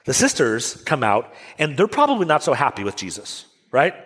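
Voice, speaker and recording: Lively man preaching in a reverberant church. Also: medium pitch, moderate pace, husky. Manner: animated storytelling, rhetorical questions. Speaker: pastor. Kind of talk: sermon. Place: church sanctuary.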